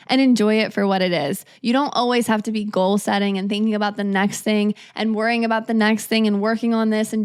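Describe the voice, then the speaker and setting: Young woman, twenties, slightly high voice, upbeat, chatty, casual podcast monologue. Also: smooth. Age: 20s. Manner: upbeat, chatty, lots of "like" fillers. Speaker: podcast host.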